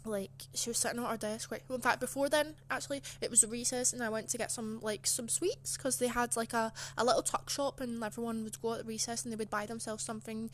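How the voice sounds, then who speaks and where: A young woman telling a story straight to camera in a chatty, aggrieved way, her sentences loaded with fillers. Her voice sits a little high for a woman. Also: steady tone, fast talker, hardly any pauses, a little hiss or hum. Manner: chatty and indignant, full of "like" fillers. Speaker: channel host. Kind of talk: casual storytime.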